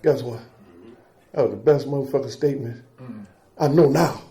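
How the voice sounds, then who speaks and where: A man's voice: medium pitch, moderate pace, warm tone. A middle-aged man giving a raw, profane recovery testimony as guest speaker, telling his story and calling out to the crowd.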